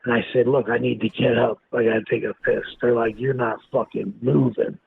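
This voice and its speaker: A man's voice: mid-range voice, a little fast, gravelly. A man, a guest in an interview, telling a story bluntly and with lots of swearing. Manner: blunt, profane, animated storyteller. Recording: tinny phone-like line with faint noise.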